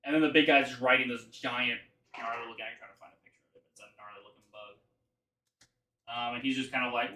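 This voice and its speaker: A man's voice: mid-range voice, fairly even intonation, fast, pushed and bright, recorded from a distance. A man narrating as game master, describing scenes loosely with many fillers. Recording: roomy, from off-mic.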